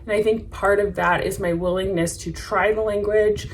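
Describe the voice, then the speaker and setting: Woman teaching beginner travel phrases, steady mid-pitched voice, demonstrates each one by repeating it. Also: slight background noise, poor audio. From United States. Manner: repeats phrases slowly for practice. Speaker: French language teacher. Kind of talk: casual language lesson.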